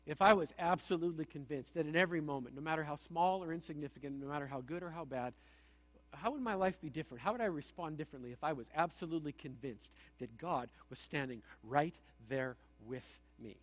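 Speaking quickly in a high voice, this Manitoba pastor delivers a sermon that rambles like a conversation, full of anecdotes and humor at his own expense. The audio quality is muffled and lo-fi.

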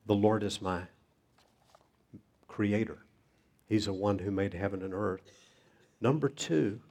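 A man preaching a sermon, reading scripture in a measured way. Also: fairly low pitch, gravelly, a little mellow, breathy edge. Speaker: pastor.

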